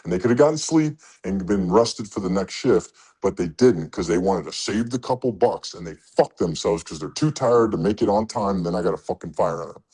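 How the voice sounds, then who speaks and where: A man's voice: low-pitched, expressive, a little fast, few pauses, mellow, slightly rough. Blunt, foul-mouthed man coaching truckers. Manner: blunt, swears a lot, acts out quoted exchanges. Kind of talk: profane motivational talk.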